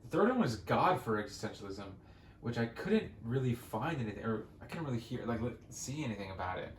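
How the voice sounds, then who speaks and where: A man's voice: medium pitch, very animated, fairly quick. A young man in casual gameplay commentary, rambling, swearing freely and restarting his sentences. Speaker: gaming channel host. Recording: echoey room with faint noise.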